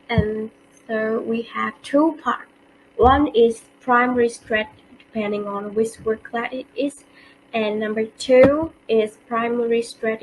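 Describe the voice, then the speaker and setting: A woman presents a lesson on word stress, reading her script with care and the odd grammar slip. Her voice sits fairly high and moves at a slow, deliberate pace. A faint wash of room ambience hangs behind her. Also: a little hiss or hum, poor audio. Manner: slow, careful reading with non-native grammar slips. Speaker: student presenter.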